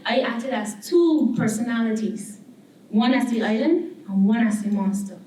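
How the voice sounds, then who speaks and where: Speaking as a guest artist in a lecture hall, a Barbadian woman, probably in her thirties, has a warm, higher voice and a moderate pace. She animatedly recounts her story and plays out what others said. It's recorded from a distant mic in a roomy hall with faint background noise.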